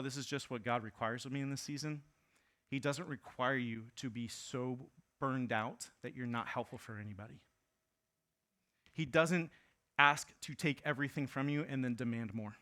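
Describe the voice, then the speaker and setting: A man's voice: medium pitch, pushed and bright. A man in his thirties preaching a sermon in a casual, conversational way, with fillers and asides, raising his voice to act out quoted lines. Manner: acts out quoted lines in a raised voice. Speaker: pastor.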